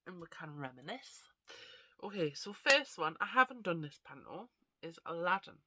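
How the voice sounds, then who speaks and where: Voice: medium pitch, sing-song, normal speed, noisy background. A vlogger and actor with a stuffy, congested nose, chatting casually and rambling to camera. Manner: rambling, chatty, self-deprecating.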